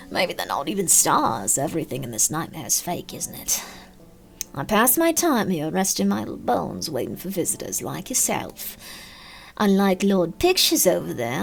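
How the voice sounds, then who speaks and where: Woman playing ancient British old woman, hushed near-whisper, wry teasing shopkeeper, gravelly, horror game figure. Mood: wistful. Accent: put-on British. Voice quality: low, hushed, half-whispered.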